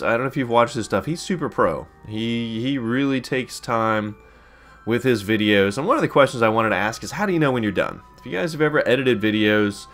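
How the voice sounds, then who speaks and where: A man's voice: mid-range voice, a bit bright. A man from Pittsburgh chatting casually and rambling upbeat while commentating his own space game playthrough. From Pittsburgh, USA. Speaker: let's play host. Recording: faint background music.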